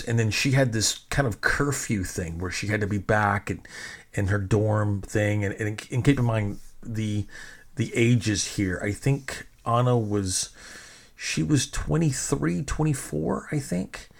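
A man's voice: medium pitch, takes it slowly, gravelly. A middle-aged man casually telling a personal story in a rambling, self-mocking way, swearing freely.

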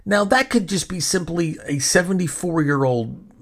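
A man's voice: sits high, normal speed, a bit bright. A man hosting a podcast, telling a long story in casual chat, rambling and indignant, swearing freely and restarting his sentences. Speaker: podcast host.

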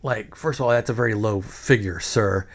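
A man's voice: on the low side, normal speed. A man hosting a podcast, telling a long story in a rambling way, full of fillers and restarts. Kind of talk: casual storytelling.

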